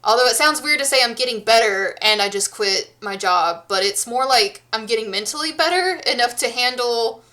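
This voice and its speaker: A woman in her thirties chats loosely with her viewers, restarting sentences and drifting from one thought to the next. Her voice sits a little high and rings bright and forward, with a tense edge. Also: lively intonation, moderate pace, few pauses. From United States. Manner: rambling, many restarts and fillers. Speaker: streamer. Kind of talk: casual chat with viewers.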